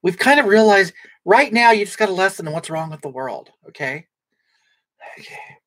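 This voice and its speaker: A woman performs a brash, boozy livestreamer who rambles through viewer comments and snaps back with sarcasm. Her mid-pitched voice sounds dry and close to the mic. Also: lively intonation, normal speed, no echo, lightly acted. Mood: snarky. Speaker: livestream comedy character. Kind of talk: improvised comedic livestream chat.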